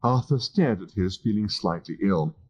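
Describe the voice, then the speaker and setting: A man reading a comic novel aloud in a measured, dry narration. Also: lowish voice, animated, husky. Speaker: audiobook reader. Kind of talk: scripted narration. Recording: dull lo-fi old tape.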